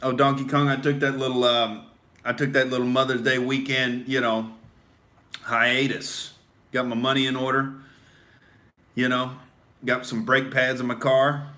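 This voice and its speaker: A young adult male comedian rants in character on a satirical podcast, a swaggering, swearing, beer-drinking bro who pumps himself up and calls everyone "dude". His mid-range voice is level and unhurried with long pauses, and his tone is bright and forceful.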